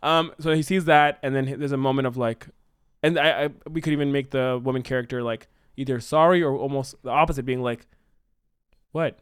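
Fast, animated man pitching a story. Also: clean tone, dry recording, clean studio sound. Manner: animated, rambling storytelling with many fillers. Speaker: podcast co-host. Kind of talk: casual brainstorming chat.

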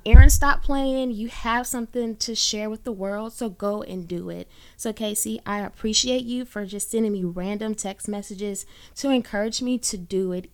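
Smooth-voiced woman hosting a faith podcast. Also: medium pitch. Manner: earnest, warm-hearted, uses y'all and folksy phrasing. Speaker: podcast host. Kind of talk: encouraging faith podcast monologue. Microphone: own microphone.

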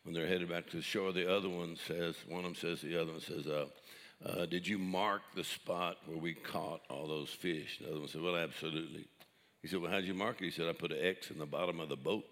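A man's voice: low-pitched, fairly even intonation, fairly quick, fairly bright tone, big-room sound. An older male pastor preaching with jokes, chuckling at his own punchlines. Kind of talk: sermon with jokes.

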